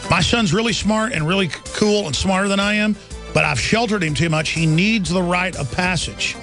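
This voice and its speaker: Middle-aged guy ranting on talk radio, high-ish gravelly voice, faint music under it. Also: normal speed, fairly bright tone. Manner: urgent, ranting, with many "uh" fillers. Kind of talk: impassioned radio monologue. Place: radio studio.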